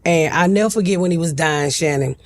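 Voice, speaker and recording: A woman's voice: deep voice, brisk. A middle-aged woman, a talk-show guest telling a family story bluntly and animatedly, with comic asides.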